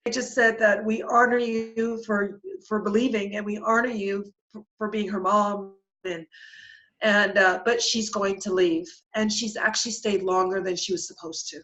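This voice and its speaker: A middle-aged woman telling her own spiritual experience as a podcast guest, earnest and halting, with many restarts. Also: medium pitch, steady tone, a bit bright, low-quality recording. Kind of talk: emotional personal storytelling.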